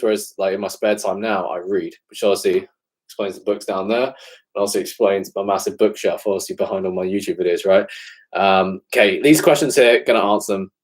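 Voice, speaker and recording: The audio is poor, but you can hear a fairly low-pitched male voice belonging to a twenty-something fitness coach from England. He chats casually while taking live-stream questions, dropping "man" and "obviously" throughout in an easygoing way.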